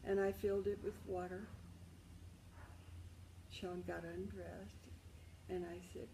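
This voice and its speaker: A woman's voice: lowish voice, little pitch movement, slow pace, long pauses, noisy background. An older woman telling a personal life story in an intimate, emotional way, calling the listener darling and sometimes dropping to a whisper. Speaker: memoir storyteller.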